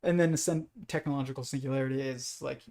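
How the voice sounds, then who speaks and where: A man's voice: medium pitch, fairly even intonation, quick pace, gravelly, darkish tone. A man hosting a livestream, talking through ideas in a loose, rambling monologue full of restarts and fillers. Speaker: host.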